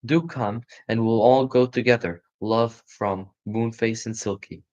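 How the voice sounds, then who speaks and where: A man's voice: medium pitch, steady tone, unhurried, close to an everyday voice. A man voicing a friendly magical forest creature's letter in an inviting storybook manner. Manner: warm, inviting. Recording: muffled lo-fi recording.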